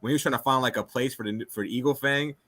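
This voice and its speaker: A man's voice: medium pitch, fast, a bit bright. A man co-hosting a casual chat, enthusiastic, acting out imagined scenes. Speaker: podcast co-host.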